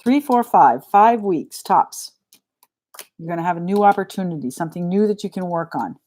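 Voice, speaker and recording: A woman's voice: lowish voice, animated, moderate pace, darkish tone. A middle-aged woman with a New England accent giving a live tarot reading in a chatty, frank and joking way. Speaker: tarot reader.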